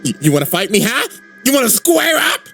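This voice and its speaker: A man voicing a spoiled, cruel teenage fire princess in a bratty, crude, sing-song high voice. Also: very animated, a little fast, vocal fry, bright, forceful tone, faint music behind, exaggerated voice.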